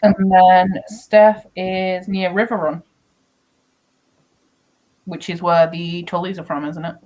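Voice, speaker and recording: Low-voiced northern English woman. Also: little pitch movement, slow pace, a little mellow, poor audio. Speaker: booktuber hosting a reading sprint. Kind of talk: casual group chat.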